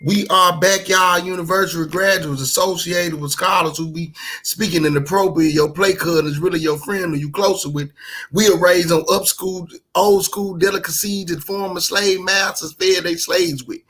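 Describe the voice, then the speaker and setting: A man's voice: sits high, fairly even intonation, moderate pace, fairly bright tone, rough recording. A man from Memphis with a Southern US accent, performing spoken word poetry in a rhythmic, emphatic rhyming delivery. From Memphis, Tennessee.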